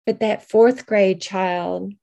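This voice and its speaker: A woman hosting an interview, speaking in a measured, reflective way. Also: medium pitch, steady tone, creaky, mellow. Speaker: host.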